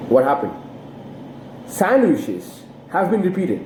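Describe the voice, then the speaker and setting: A woman teaching English intonation in an online lesson, speaking deliberately and emphatically with sweeping pitch. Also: very animated, dark tone, a little hiss or hum. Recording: roomy echo.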